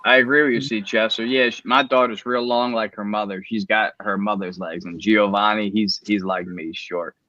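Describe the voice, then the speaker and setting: A man's voice: on the low side, fairly even intonation, normal speed, hardly any pauses, pushed and bright, no room sound, muffled recording. A man joining a podcast chat in a laid-back, chatty way. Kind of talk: casual chat.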